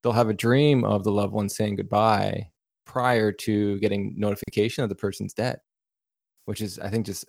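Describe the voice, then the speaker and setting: Gravelly low-voiced man hosting. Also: fairly even intonation, a little mellow, no room sound, clean studio sound. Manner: halting, restarts often. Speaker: podcast host. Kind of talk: casual interview chat.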